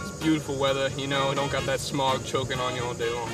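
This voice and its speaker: Deadpan male sketch player, mid pitch, loud music behind. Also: brisk. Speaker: comedy sketch performer.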